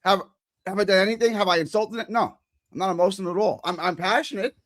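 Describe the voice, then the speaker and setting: A man arguing loudly and combatively with chat comments on a live stream. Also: high voice, fast talker. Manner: combative, argumentative, loud. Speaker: regular show guest. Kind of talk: heated live-stream talk.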